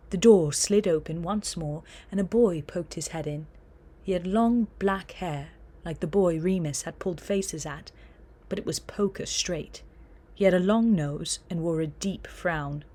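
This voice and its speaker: A woman narrating an audiobook in a steady storytelling manner. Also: on the low side, unhurried, breathy edge.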